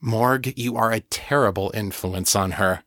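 A man voicing a good-humored, playful man in an audiobook story, close to his own low voice. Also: unhurried, fairly bright tone, dry recording. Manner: playful, wry.

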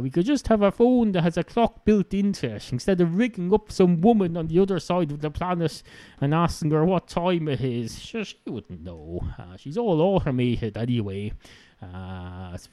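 A man with an Irish accent rambles through a solo podcast monologue, peppering his talk with "uh" and self-mocking asides. His pitch swings widely and his tone is mellow and dark. The sound is dry and close, with no room behind him. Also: animated, normal speed, no room sound. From Ireland. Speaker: podcast host.

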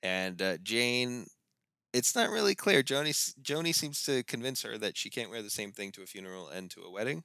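A man's voice: medium pitch, expressive, fairly quick, creaky, pushed and bright, dry recording. A man co-hosting a podcast, chatting casually about a TV series with many fillers and laughs. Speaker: podcast co-host. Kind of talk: casual chat.

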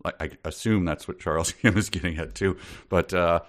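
A man's voice: low-pitched, fairly quick. A man co-hosting a podcast, chatting casually with dry humor and frequent laughter. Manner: dry, amused, laughs often. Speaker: podcast co-host. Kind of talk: casual comedic chat.

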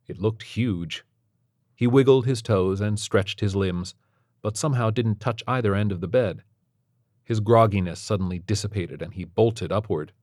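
A man with a lowish voice narrates a scripted story in a steady, measured way. The sound is clean studio audio with no room sound.

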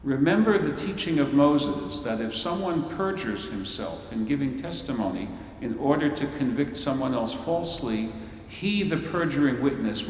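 A man in the pulpit voicing a solemn high priest who presides over a trial, speaking gravely and formally. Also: a little mellow, a little hiss or hum, lightly acted. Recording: roomy hall, voice from far off.

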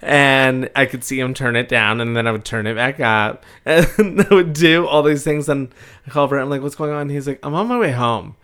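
A man's voice: medium pitch, normal speed, a bit bright, clear, resonant tone. A man co-hosting a podcast, telling stories animatedly in casual chat and laughing often. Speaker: podcast co-host.

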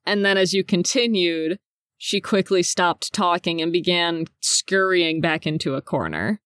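A woman's voice: medium pitch, normal speed, dry recording. A woman narrating as game master of a tabletop game, describing scenes. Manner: descriptive, lively.

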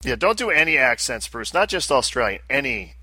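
A man's voice: medium pitch, big pitch swings, a little fast, bright, forceful tone, husky, no room sound. A man hosting a casual podcast, upbeat and joking with his co-host and guests.

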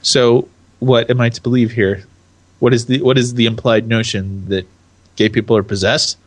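A man's voice: medium pitch, level tone, moderate pace. A young adult man from California co-hosting a casual podcast chat, rambling, restarting his sentences and laughing often. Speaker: podcast co-host.

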